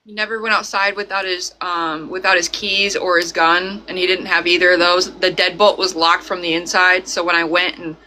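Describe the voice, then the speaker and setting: A woman on a live stream reading, earnestly explaining details with some halting. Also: lowish voice, level tone, bright, forceful tone, slight background noise, low-quality recording. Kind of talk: casual live-stream talk.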